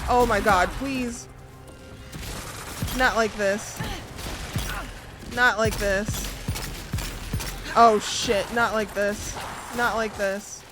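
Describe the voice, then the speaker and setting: A woman streaming gameplay, reacting excitably, swearing often and talking to herself and the screen. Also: a little high, slow pace, pauses often. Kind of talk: live gameplay commentary.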